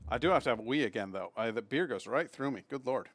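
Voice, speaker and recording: A man from Massachusetts streams a game live and comments in a rambling, chatty way. His voice sits at a middle pitch and he laughs loudly at his own asides. Faint game music plays under him. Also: expressive, fast talker, no echo. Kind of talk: live let's play commentary.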